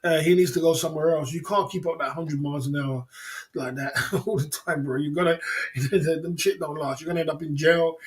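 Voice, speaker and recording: Laughing, rambling livestream host. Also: male voice, a little high, steady tone, a little fast. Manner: rambling, laughs often, slangy. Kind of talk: casual livestream chat.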